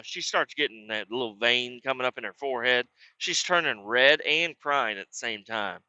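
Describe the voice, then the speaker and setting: A man's voice: normal speed, hardly any pauses, dry recording, highs cut off. A man with a Southern US accent telling a crude, rambling comic story. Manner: rambling, crude, acts out quotes in loud high voices. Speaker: comedic storyteller. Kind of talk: comedic character monologue.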